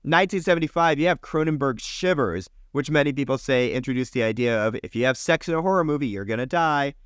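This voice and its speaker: A young man co-hosting a podcast eagerly runs through film history year by year, listing years in quick bursts and swearing casually. His mid-range voice sounds clean, with studio quality and no echo.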